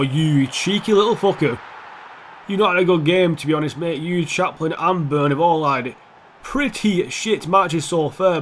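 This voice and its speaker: A man's voice: fairly high pitch, a little hiss or hum. Sweary lad commentating his game. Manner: swears a lot, swings from calm play-by-play to heated outbursts. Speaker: gaming YouTuber. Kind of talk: casual gameplay commentary.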